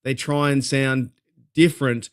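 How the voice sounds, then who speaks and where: A man's voice: mid-range voice, little pitch movement, measured pace, smooth. A man with an Australian accent hosting a casual fan talk show, fired up and rambling, swearing freely as he vents. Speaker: podcast host.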